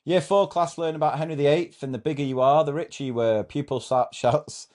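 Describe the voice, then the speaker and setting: A man's voice: a little high, steady tone, a little fast, hardly any pauses, darkish tone. A man hosting a comedy show, reading out a thread of teacher anecdotes in a casual, amused way and often breaking into laughter.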